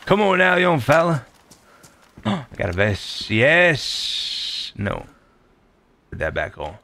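A man streaming a survival game, talking loud and excitable and swearing often. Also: fairly high pitch, slow pace, gravelly. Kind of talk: casual gameplay streaming.

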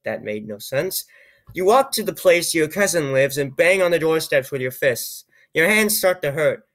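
A man reading an odd, computer-written story aloud, with low-key, wry remarks on the text and frequent stumbles over words. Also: expressive, moderate pace, a bit bright. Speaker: YouTuber reading AI-generated stories. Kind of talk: comedic reading with asides.

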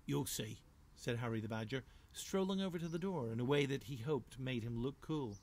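A man voicing a gruff, scheming male badger who leads a gang, in a storybook read-aloud. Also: mid-range voice, normal speed, darkish tone, natural voice. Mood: sly. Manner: gruff, sly and persuasive.

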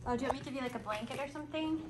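High-voiced woman cooing at puppies. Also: very fast. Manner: cooing baby talk to puppies. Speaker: home dog breeder. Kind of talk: casual chat with puppies. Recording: noisy home recording.

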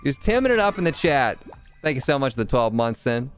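A man streaming a video game live, making jokes, thanking viewers and reacting loudly to the game. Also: mid-range voice, fairly quick, soft background music. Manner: jokey, animated, chatting with viewers. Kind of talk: casual live game commentary.

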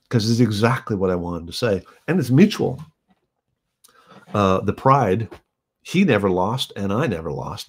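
Low, darkish, and husky, the voice belongs to a songwriter in a reflective, casual talk about writing his own song. He rambles, starts over, and performs quotes with animation.

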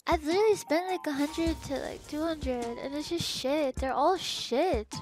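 High-voiced, foul-mouthed gamer woman. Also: normal speed, darkish tone. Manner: profane, exasperated running reactions. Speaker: streamer. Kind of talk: casual gameplay commentary.

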